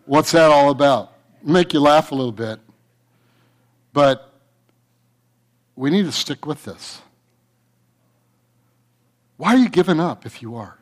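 A man's voice: on the high side, lively intonation, measured pace, pauses often. A man preaching a sermon to his church, fervent and repetitive, breaking into a story. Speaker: pastor.

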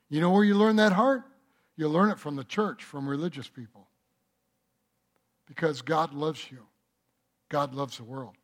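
A man's voice: sits high, fairly bright tone. A man preaching a sermon as pastor, talking conversationally and working a joke into his message.

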